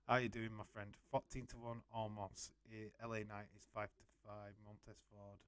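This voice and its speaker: A man's voice: lowish voice, level tone, moderate pace, a bit bright, clear, resonant tone. A man hosting a live watch-along stream, chatting casually and bluntly, swearing and greeting viewers. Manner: blunt, swears freely, reads out viewer comments. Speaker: wrestling watch-along host.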